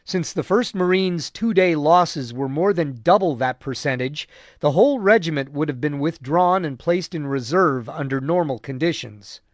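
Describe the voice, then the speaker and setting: A man narrating a war history audiobook in a measured, grave way. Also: a little high, animated, no room sound. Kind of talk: scripted narration.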